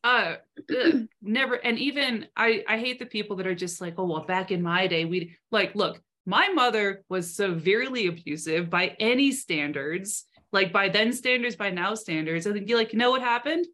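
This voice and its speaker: A young adult woman co-hosting a podcast, telling animated stories in casual chat and swearing freely. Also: mid-range voice, moderate pace. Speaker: podcast co-host.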